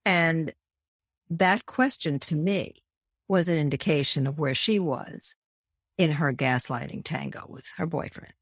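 Low-pitched and measured, a woman's voice comes through at studio quality with no room sound. In an interview, this therapist and author recounts case stories vividly, performing the voices of those she quotes.

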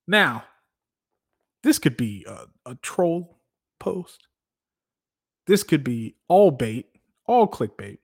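Animated man hosting casual sports talk. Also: a little high. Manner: animated, laughs often, restarts. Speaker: podcast host.

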